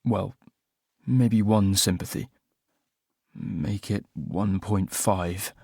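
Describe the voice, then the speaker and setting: A man's voice: fairly low pitch, steady tone, drawn-out words, gravelly, a little mellow, husky, no echo. Wry male audiobook narrator, dry sound. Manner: wry, self-mocking comic delivery. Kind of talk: first-person audiobook narration.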